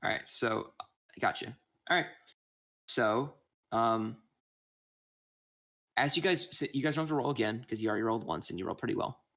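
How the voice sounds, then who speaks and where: A man's voice: medium pitch, expressive, a bit bright. Rambling man running a tabletop game. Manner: rambling, halting, many restarts. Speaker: game master.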